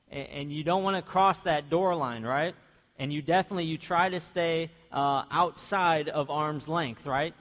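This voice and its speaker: A man's voice: a little high, normal speed. Young guy pastor preaching, chatty, keeps asking the church questions, voice rings out in a big echoey sanctuary. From grew up in a half-Mexican household. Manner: conversational, asks the congregation questions; animated storytelling, acts out quoted voices. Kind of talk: sermon. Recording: long church reverb.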